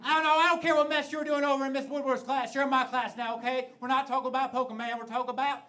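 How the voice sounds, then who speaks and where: A man's voice: extremely high pitch, level tone, racing, sharp tone, voice pushed up. A man putting on a bossy male middle school math teacher with a heavy Southern drawl. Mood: bossy, loud.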